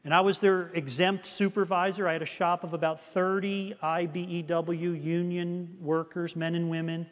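A man's voice: high-pitched, level tone, normal speed, hardly any pauses, long reverb tail. A middle-aged man preaching a sermon, telling a personal story in an earnest, confessional way.

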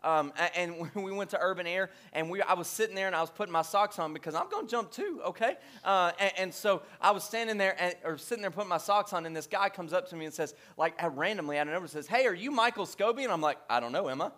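A man's voice: sits high, quick pace, hardly any pauses, sharp tone. A man in his thirties from Louisiana preaching a sermon in church, conversational and joking, with repeated refrains. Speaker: pastor.

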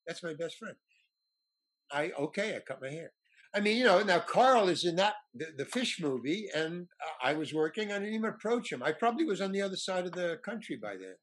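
Husky man rambling through an anecdote. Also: sits high, very animated, fairly quick. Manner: rambling with many restarts and stammers. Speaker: actor, interview guest. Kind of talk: casual anecdote telling.

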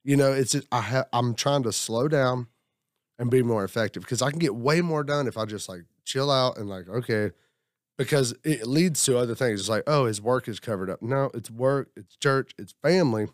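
Sharing in casual group talk around a table, a man rambles about his week, reflecting on himself and acting out quotes from others. He speaks at medium pitch and a moderate pace; the recording is dry, the studio sound clean.

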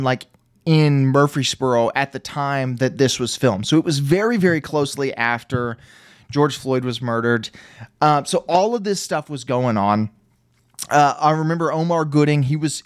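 A man's voice: on the high side, dry recording, clean studio sound. A man recapping a movie in casual podcast chat, rambling and sarcastic, with lots of fillers.

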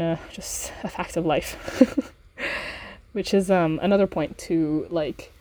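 A woman's voice: lowish voice, darkish tone. A woman hosting a podcast, reading a book aloud with chatty commentary, laughing often and filling with ums. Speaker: podcast host and reader.

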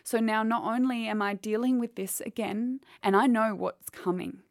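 A woman's voice: on the high side, moderate pace, no echo, clean studio sound. A woman, telling a painful personal story candidly in an interview. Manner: candid, quotes others as she retells. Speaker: guest.

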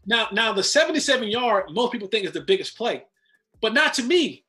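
A man telling football stories in casual chat, animated and often repeating words. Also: sits high, a little fast. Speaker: podcast host, former football player. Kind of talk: casual storytelling.

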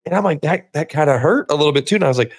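A man's voice: fairly high pitch, expressive, very fast, husky. A man telling a long crude story on a podcast, rambling and swearing, acting out other people's lines. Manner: rambling storyteller, profane, acts out voices. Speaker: podcast co-host. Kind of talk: casual crude chat.

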